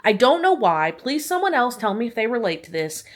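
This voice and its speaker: A woman's voice: a little high, big pitch swings, brisk. A young woman vlogging at home on a clip-on mic, rambling and joking at her own expense. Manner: rambling, self-deprecating, joking. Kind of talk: casual chatty workout vlog. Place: living room at home.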